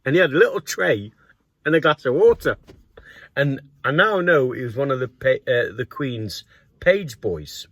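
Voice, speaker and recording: Animated man telling a story. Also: medium pitch, moderate pace, no echo. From North East England. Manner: animated anecdote with acted quotes and laughs. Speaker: grass cutting business owner and vlogger. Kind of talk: casual storytelling.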